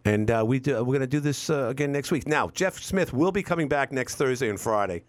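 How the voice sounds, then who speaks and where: A man's voice: medium pitch, lively intonation, brisk, no echo. A man in his fifties hosting a talk radio show, rambling wryly and repeating words as he chats. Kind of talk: casual talk radio monologue. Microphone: studio microphone.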